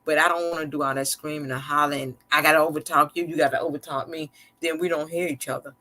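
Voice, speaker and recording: A woman's voice: low-pitched, fairly even intonation, quick pace, pushed and bright. A woman hosting a live stream, telling viewers about her life in a candid, conversational way with a slightly sarcastic, slick edge and loose, repetitive phrasing. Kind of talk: casual personal storytelling to viewers.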